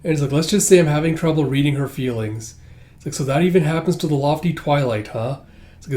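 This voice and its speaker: A man casually reading through a manga chapter, narrating and acting out lines, laughing often and breaking into high squealing voices for characters. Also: a little fast, darkish tone. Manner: reads dialogue aloud, jumps into high squealing voices for characters; chatty, laughs often, fills with "it's like". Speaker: manga reader and commentator.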